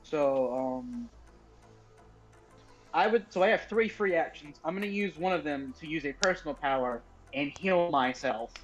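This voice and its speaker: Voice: medium pitch, animated, unhurried, muffled recording, faint music behind. A player in a tabletop game on a voice call, hesitant and full of restarts, who bursts out in squeamish reactions. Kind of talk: casual tabletop game chat.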